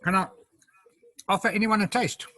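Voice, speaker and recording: A home cook with a South African accent presents a casual live cooking demo on a video call, chatting, explaining each step, and eating mid-sentence. His high voice is a bit bright and steady in tone, at a moderate pace.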